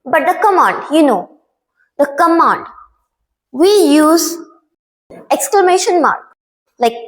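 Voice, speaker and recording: A young woman with a high, light voice teaches a grammar lesson. She is patient and repeats each key word to make it stick. Her delivery is that of a teacher walking students through examples. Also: sing-song, slow pace, long pauses, poor audio. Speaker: English teacher.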